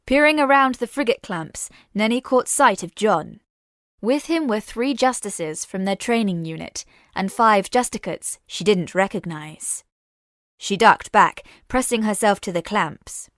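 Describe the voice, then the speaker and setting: A woman narrating a sci-fi story in a measured, dramatic reading. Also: medium pitch, expressive, a bit bright, no room sound, studio quality. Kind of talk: scripted audiobook narration.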